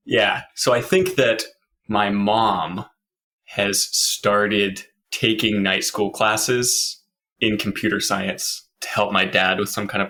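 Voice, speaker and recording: A man's voice: fairly low pitch, bright, forceful tone. A man playing in a tabletop role-playing game, thinking aloud about his character in a hesitant way. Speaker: player.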